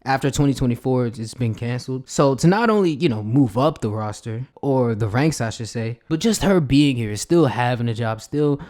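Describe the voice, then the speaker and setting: A man's voice: mid-range voice, expressive, normal speed, few pauses, darkish tone. A man casually recapping a wrestling storyline for his channel in a slangy, profane, rambling way. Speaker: wrestling commentary vlogger.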